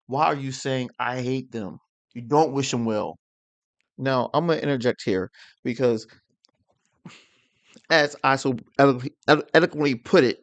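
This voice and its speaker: A man delivering a rambling political rant to his audience, heated and full of slang and rhetorical questions. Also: mid-range voice. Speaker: online commentator.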